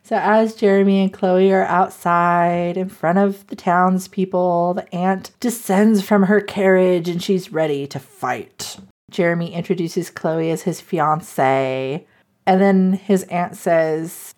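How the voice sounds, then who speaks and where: A woman's voice: fairly low pitch, measured pace. A woman casually retelling a romance novel's plot, laughing often and acting out the characters' lines. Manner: animated, laughs often, acts out quotes. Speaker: podcast host recapping a book. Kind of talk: casual chat.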